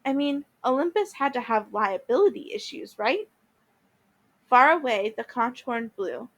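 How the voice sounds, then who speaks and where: A woman's voice: high-pitched, lively intonation, measured pace. Woman reading a story aloud. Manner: reads with small restarts and repeats. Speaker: teacher reading a novel aloud.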